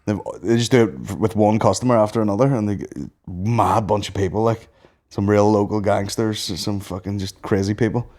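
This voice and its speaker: A man's voice: lowish voice, fairly even intonation, fairly quick, darkish tone. A young Northern Irish man co-hosting a podcast, laid-back and sweary, laughing through his stories. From Northern Ireland. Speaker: podcast co-host. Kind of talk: casual chat.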